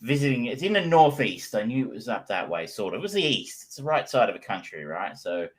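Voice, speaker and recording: A man's voice: medium pitch, sing-song, a little fast. An Australian man co-hosting a podcast, chatting casually and telling jokey stories with lots of fillers. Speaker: podcast co-host. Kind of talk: casual chat.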